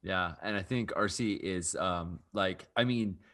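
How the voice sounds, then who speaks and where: Low voiced guy at a tabletop game, halting, lots of um and uh. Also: fairly bright tone. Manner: halting, many fillers and restarts. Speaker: player. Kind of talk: casual tabletop game chat.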